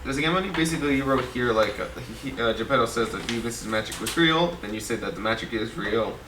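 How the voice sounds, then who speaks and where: A man's voice: medium pitch, lively intonation, fast talker, roomy sound, recorded from a distance, noisy background. A man chatting casually on a podcast, easygoing and often laughing. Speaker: actor on podcast. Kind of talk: casual chat.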